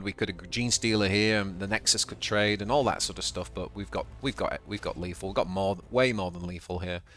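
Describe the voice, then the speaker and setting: A man's voice: low-pitched, a bit bright. A man with a Yorkshire accent giving casual, chatty commentary on his own card game as he plays, thinking aloud and often stumbling over and repeating words. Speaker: channel host and card game player.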